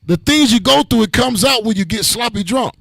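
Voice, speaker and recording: A man teaching a Bible class, preaching with call and response and a joking, blunt, animated manner. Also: sits high, fairly quick, creaky, dry recording.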